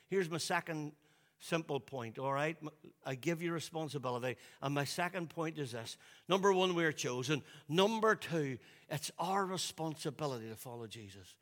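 Man preaching in a reverberant hall. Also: pushed and bright. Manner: conversational, repeats himself, drops to a low voice for quotes. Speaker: pastor. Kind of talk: sermon.

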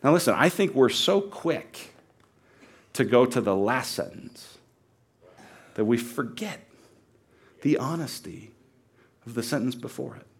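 A man preaching a sermon in an earnest, conversational way, dropping to a hush and then rising to loud, emphatic peaks. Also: mid-range voice, expressive, a little slow, gravelly, pauses often, slightly rough. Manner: swings from hushed, quiet delivery to loud, near-shouted emphasis. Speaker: pastor.

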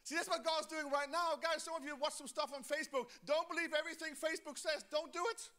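A man with a high, bright voice preaches a sermon in church. He urges the congregation to answer back and say the verses with him. He moves from loud, drawn-out emphasis to quick, quieter asides. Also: steady tone. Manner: exhorting the congregation, calls for responses. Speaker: pastor.

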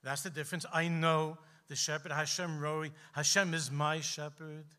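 A man, a preacher, voicing a gentle, wise old rabbi in a quiet, slow, hushed way. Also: on the high side, level tone, pitched below the performer's own voice. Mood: tender.

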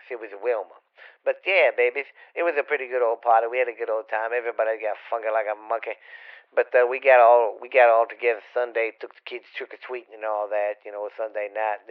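A man's voice: mid-range voice, smooth. A man, a regular podcast guest, rambling in folksy, profane casual chat. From Louisiana, US. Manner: rambling, profane, folksy, calls listeners babies. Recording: dull lo-fi recording.

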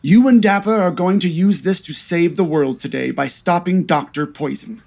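A man's voice: high-pitched, normal speed, vocal fry, a little mellow. A man voicing a stern female spy agency director who speaks curtly and commandingly. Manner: curt, commanding.

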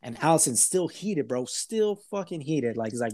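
A man's voice: mid-range voice, animated, moderate pace. Rambling man recapping a show. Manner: rambling retelling with acted-out quotes and filler words. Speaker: podcast host. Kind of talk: casual chat recapping a TV episode.

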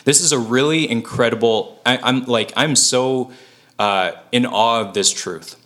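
Guy preaching in a chatty way, bright tone, earnest, lots of ums and likes. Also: medium pitch, unhurried. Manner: earnest and informal, many fillers and self-corrections. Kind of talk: conversational Bible teaching.

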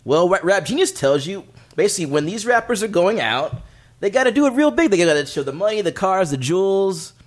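A man co-hosting a podcast, explaining a segment in animated casual banter with many restarts, seated at a studio table. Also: high-pitched, brisk. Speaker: podcast co-host presenting a segment.

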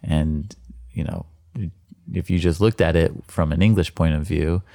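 A man's voice: very deep voice, fairly even intonation, unhurried, vocal fry, mellow, dry recording. A man learning on a recorded language lesson, repeating each word back after the teacher. His voice is dry and close, with no room sound. He makes wry jokes about the hard sounds. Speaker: learner co-host.

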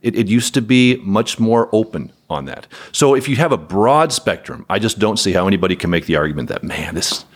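A man's voice: on the low side, expressive, fairly quick, hardly any pauses. A man who runs a property management company, speaking as a podcast guest in a candid, wry way with chuckles. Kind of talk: podcast interview conversation.

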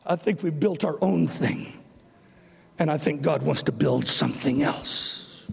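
A man preaching a sermon with passion, his voice surging up to shouts. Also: fairly high pitch, a little slow, creaky, breathy edge. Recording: long reverb of a large hall.

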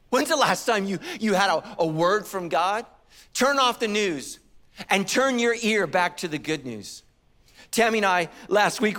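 Casting: middle-aged male pastor, high voice, animated storytelling sermon. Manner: animated storytelling with acted quotes and humor.

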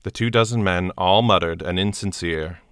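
A young adult man, an actor, reading a short story aloud and acting out the dialogue with lively voices, then chatting casually about it. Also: sits low, normal speed, no echo, clean studio sound. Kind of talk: storytelling narration and casual reflection.

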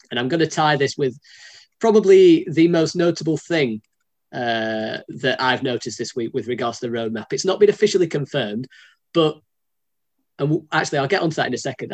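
A man from the north of England co-hosting a casual podcast, rambling and joking and often correcting himself. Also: mid-range voice. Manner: rambling, self-correcting, jokey. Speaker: podcast co-host.

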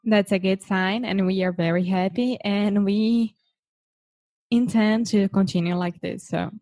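Slow-talking woman searching for words. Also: mid-range voice, fairly even intonation, a little mellow. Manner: unhurried, searches for words, laughs often. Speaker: co-host, English learner. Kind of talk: casual podcast chat.

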